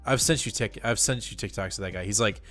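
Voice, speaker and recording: A man co-hosting a podcast, chiming in with quick agreement and teasing remarks. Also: on the low side, a bit bright, soft background music. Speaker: podcast co-host. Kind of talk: casual chat.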